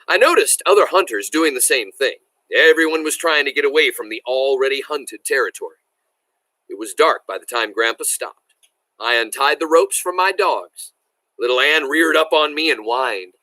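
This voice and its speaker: A man reading a novel aloud as a teacher, animated and enthusiastic, stopping to explain words to his listeners. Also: mid-range voice, normal speed, no room sound, low-quality recording.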